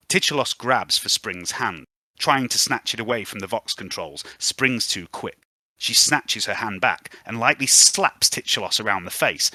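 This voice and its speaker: A man's voice: fairly low pitch, animated, moderate pace, sharp tone, no room sound, studio quality. A man narrating a tabletop game as game master, in an ominous, theatrical storytelling manner.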